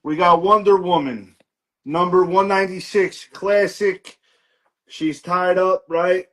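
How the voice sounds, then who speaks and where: A man's voice: high-pitched, steady tone, slow, a bit bright. Man rattling off comic prices. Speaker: live comic sale host. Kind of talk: live sales stream chat.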